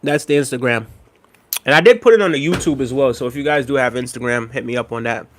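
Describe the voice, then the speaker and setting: A man's voice: medium pitch, fast talker, a little hiss or hum. Laid-back man chatting on a livestream. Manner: relaxed, rambling, laughs often. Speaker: livestream host. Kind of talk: casual chat reading viewer comments.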